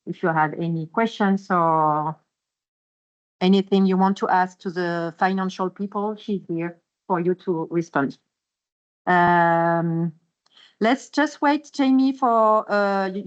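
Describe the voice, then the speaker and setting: A woman from France with a French accent, introducing colleagues at the start of a hybrid meeting in a halting, friendly way. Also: fairly low pitch. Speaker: staff member introducing a meeting. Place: meeting room. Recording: muffled meeting-room recording.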